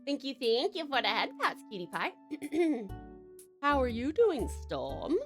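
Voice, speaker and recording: Bubbly high-voiced woman streamer. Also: big pitch swings, measured pace, over music. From Tasmania, Australia. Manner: bubbly, gushing, swears, calls viewers darling. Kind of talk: live stream chat reading.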